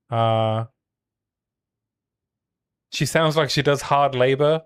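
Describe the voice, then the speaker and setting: A man's voice: mid-range voice, slow, pauses often, clear, resonant tone. A man chatting casually while streaming a video game, joking around and trailing off with fillers. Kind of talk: casual gameplay chat.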